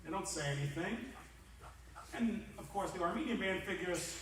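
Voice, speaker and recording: A man giving a comic roast speech in a large banquet hall, telling stories in a lively way and acting out the characters. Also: high voice, moderate pace, slight background noise. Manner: lively storyteller, acts out the characters. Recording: echoey hall, distant mic.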